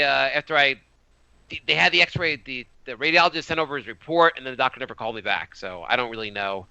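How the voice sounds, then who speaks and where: A man co-hosting a podcast in casual chat, telling a story with animated voiced quotes. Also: medium pitch, fast, vocal fry, smooth, no echo, highs cut off. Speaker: podcast co-host.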